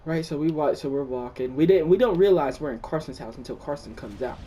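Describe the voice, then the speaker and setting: A young man casually telling the story of a dream, excitable, swearing often and restarting his sentences. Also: on the high side, a little fast, husky. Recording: distant mic.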